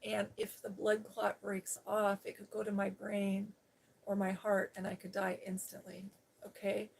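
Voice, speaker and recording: Seated on a day bed during a live stream, a woman who hosts an ASMR channel speaks in a mid-range, monotone voice that's creaky with a breathy edge, at a measured pace. She rambles through a long personal story straight to her viewers, hopping between asides and shifting her tone to voice the people she quotes.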